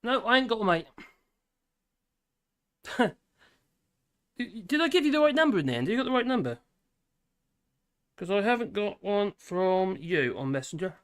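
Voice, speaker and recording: A man's voice: high-pitched, sing-song, measured pace, pauses often, fairly bright tone, clean tone. A man hosting a live stream in casual chat, rambling, laughing often and trailing off mid-sentence.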